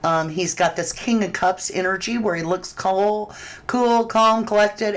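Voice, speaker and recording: On a rough recording, a tarot reader hosting a live session talks through questions from viewers. Her mid-range voice stays steady and a little slow, and her conversational style is full of fillers and restarts.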